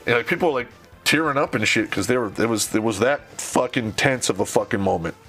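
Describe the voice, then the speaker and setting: A man's voice: medium pitch, fast, fairly bright tone, faint music behind. A man telling a war story in casual, profane speech, acting out the voices of the people he quotes.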